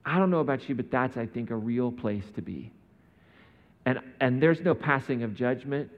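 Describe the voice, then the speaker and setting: A man preaching a sermon in a conversational way, often asking his listeners rhetorical questions. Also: medium pitch. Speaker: pastor. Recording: dull sound in a reverberant hall.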